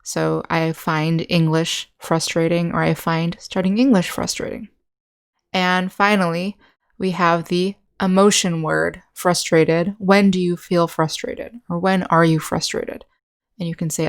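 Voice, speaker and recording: An American woman teaching an English lesson, reading model sentences slowly and clearly. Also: lowish voice. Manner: slow, carefully enunciated model sentences.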